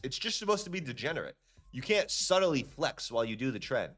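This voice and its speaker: A young man hosting a live trading stream, chatting casually and ranting in a slangy, profane, animated way. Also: fairly quick, soft background music. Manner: animated, slangy and profane, with lively jumps in pitch. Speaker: livestream trading host. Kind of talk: casual livestream chat and rant.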